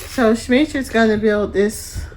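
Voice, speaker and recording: A woman's voice: a little high, unhurried, darkish tone, a little hiss or hum. A young woman chats through a home vlog. She keeps it loose and friendly, laughs easily, and talks straight to the people watching. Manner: chatty, laughs often, talks to viewers as y'all. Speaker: family vlogger. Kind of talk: casual home vlog narration.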